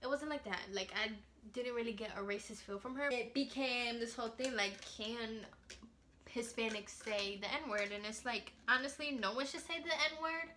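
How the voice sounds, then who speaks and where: A woman vlogger with a bright, forceful voice, speaking a little higher than most. She chats casually and emphatically to her audience, outspoken and full of slang. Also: normal speed, slight background noise. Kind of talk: casual vlog chat.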